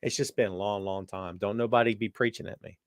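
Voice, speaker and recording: A man's voice: steady tone, brisk, no echo, clean studio sound. Chummy man hosting a live chat. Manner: chummy, calls viewers brother and my friend; jumps between loud exclamations and low asides. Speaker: podcast host reading live chat. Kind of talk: casual live-stream chat.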